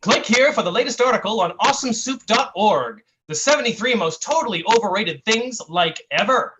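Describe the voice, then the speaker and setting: A man at an online open mic, reading a comic piece in a mock-earnest, satirical way and drawing out his deadpan asides. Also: sits high, fairly quick, slight background noise, poor audio. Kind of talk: comic spoken-word reading.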